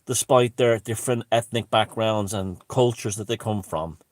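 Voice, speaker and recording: A man's voice: lowish voice, moderate pace, dry recording, clean studio sound. A man telling a casual story in a rambling way, with many restarts and asides and a wry, self-mocking streak. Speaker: channel host.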